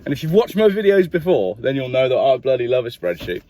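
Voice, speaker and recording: A man's voice: mid-range voice, big pitch swings, quick pace, warm tone. A man hosting a casual car review, chatty, enthusiastic and jokey. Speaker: car reviewer, channel host.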